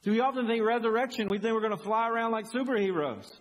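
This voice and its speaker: A man preaching a sermon as pastor, in an animated, conversational way full of rhetorical questions. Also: high-pitched, fast talker. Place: church sanctuary. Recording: husky voice in a long-reverb church hall.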